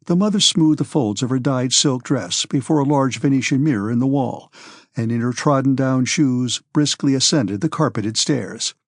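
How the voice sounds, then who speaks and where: A man narrating a classic novel in a measured, steady audiobook reading. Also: mid-range voice, dry recording, clean studio sound. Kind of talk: scripted narration.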